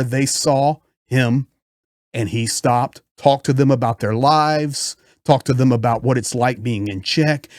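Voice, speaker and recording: A man's voice: medium pitch, darkish tone, dry recording, studio quality. A man giving impassioned political commentary in a frustrated, emphatic way.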